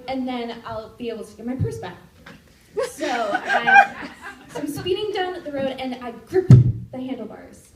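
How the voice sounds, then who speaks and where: Young woman telling a story on stage. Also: a little high. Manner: animated, shouting out quoted lines. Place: stage in a live venue. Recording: roomy live recording from far off.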